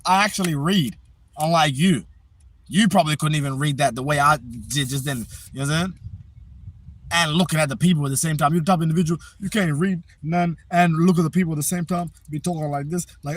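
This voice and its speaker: A man's voice: a little high, fast, a bit bright. Boastful man trash-talking his live chat. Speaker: livestreamer. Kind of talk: casual live-stream chat. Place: outdoors. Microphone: phone on a tripod.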